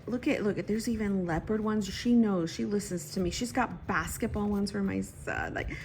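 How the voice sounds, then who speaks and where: A woman in her thirties chatting casually at home about her planner, excitable and talking to herself as she goes. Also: medium pitch, slight background noise, poor audio. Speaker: planner vlogger. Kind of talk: casual chat.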